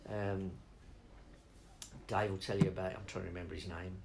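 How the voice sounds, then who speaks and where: A man's voice: deep voice, level tone, fairly quick, creaky, background noise. A middle-aged man rambling off on tangents in a casual interview, swearing freely as he talks about spoken word.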